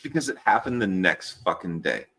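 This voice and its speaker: Man, 30s, from the US, fire crew guest, casual storytelling, swears a lot, lively swinging pitch. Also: moderate pace. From United States. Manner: animated, swears freely, says "dude" often. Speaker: guest, fire patrol worker.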